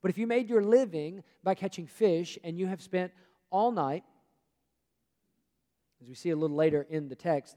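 High-voiced preacher in a reverberant hall. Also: male voice, moderate pace, long pauses. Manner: animated storytelling, acts out the disciples' lines; self-deprecating humor. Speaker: pastor. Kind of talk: sermon.

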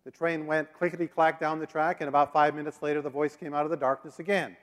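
A middle-aged man giving a sermon as a guest missionary speaker, telling folksy stories with drawn-out fillers. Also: a little high. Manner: folksy storytelling, drawling fillers. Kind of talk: sermon with a joke and slides. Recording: long hall reverb.

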